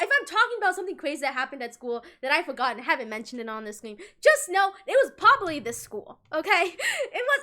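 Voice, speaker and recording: A young woman streaming live, telling school stories to her chat in a casual, giggly way, acting out quoted lines. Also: sits high. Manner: giggly, animated, acts out quotes.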